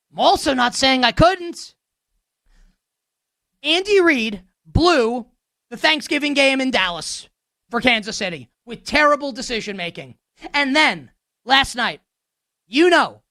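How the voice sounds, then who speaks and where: A woman's voice: high voice, a bit bright, dry recording, studio quality. A woman hosting a sports show, ranting with heated sarcasm.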